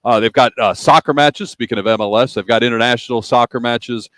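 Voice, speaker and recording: A man's voice: medium pitch, brisk, fairly bright tone, no echo. A man hosting a sports radio show, chatting casually and plugging sponsors between picks, live from a sportsbook bar.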